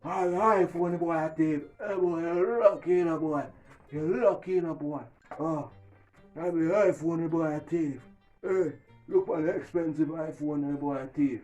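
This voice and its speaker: A man with a Jamaican accent playing a rowdy character in a comedy sketch, loud and rough-spoken, with music playing. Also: on the high side, normal speed, muffled recording. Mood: boasting.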